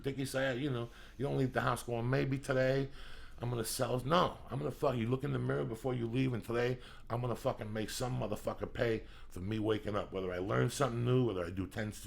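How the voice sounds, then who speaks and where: A man hosting a podcast, delivering a loud, crude, comedic motivational rant in a studio, riffing and bursting into shouts. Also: mid-range voice, creaky. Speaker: podcast host.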